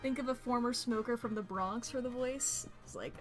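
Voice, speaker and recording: A woman's voice: a little high, moderate pace, over music. A woman streaming a puzzle game, chatting in a playful, rambling way and laughing often. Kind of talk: casual gameplay commentary.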